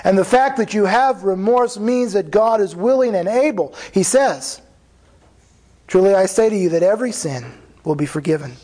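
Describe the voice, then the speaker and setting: A man with a notably high voice delivers a sermon as a pastor. He speaks earnestly and conversationally, restarting phrases and voicing the words of others as he explains scripture. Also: animated, normal speed, mellow, rough recording. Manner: earnest preaching with restarts and quoted dialogue.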